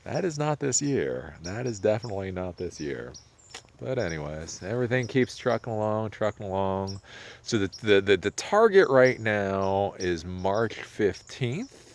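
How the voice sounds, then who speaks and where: A man in his thirties talking casually to camera outdoors in winter, reflective and rambling, with sudden animated rises. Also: on the low side, measured pace, a little hiss or hum. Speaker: vlogger. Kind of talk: casual vlog monologue. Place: outdoors in winter, near a pond.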